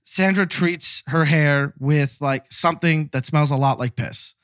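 Man in his thirties, caller, chatty storyteller, slightly high voice, very dry. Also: measured pace, clear, resonant tone, no echo. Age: 30s. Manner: animated, laughing, acts out coworkers' lines. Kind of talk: casual storytelling.

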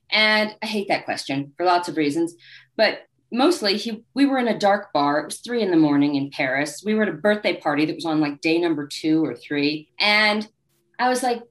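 Speaking at normal speed in a voice on the low side, a guest author relaxes into a casual interview with frank, dryly funny stories. She brings the people in them to life by voicing their quotes animatedly.

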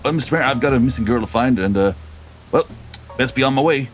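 A man's voice: medium pitch, fast, soft background music, voice pushed up, close to an everyday voice. A man playing a young, eager small-town deputy with a drifting folksy drawl and lots of fillers.

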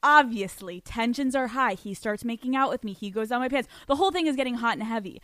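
A woman podcast host with a high voice tells a story casually and with plenty of energy. She swears freely and often laughs between words. The sound is dry and close, with no room echo. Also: fast talker. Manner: animated, profane, laughs often mid-sentence.

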